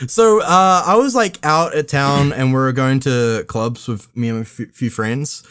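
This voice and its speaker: A young man rambles through an anecdote for his podcast friends, stumbling over restarts and fillers. His voice sits at an ordinary middle pitch and keeps a loose, chatty pace. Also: measured pace, fairly bright tone, clear, resonant tone. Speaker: podcast regular. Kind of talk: casual storytelling among friends.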